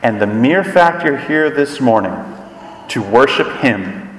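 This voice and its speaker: Pastor preaching in echoey hall. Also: male voice, expressive, a little slow, recorded from a distance, slight background noise. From Scotland. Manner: earnest, drops low and quiet on affirmations of faith. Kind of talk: sermon. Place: church sanctuary.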